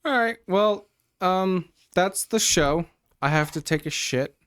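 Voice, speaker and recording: Smooth-voiced man rambling casually. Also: sits high, expressive, slow, a bit bright. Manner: rambling storytelling, heavy on fillers and swearing. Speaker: podcast co-host. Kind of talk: casual chat.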